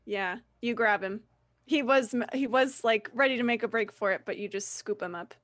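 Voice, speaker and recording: A woman running a tabletop game as game master, narrating with halting fillers. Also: a little high, a bit bright, dry recording.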